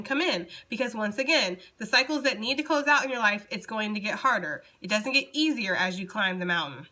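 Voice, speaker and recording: Woman tarot reader, young, loose and chatty, bright forward tone, faint hiss behind. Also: medium pitch. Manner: chatty, loose, talks straight to viewers. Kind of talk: casual tarot reading to camera.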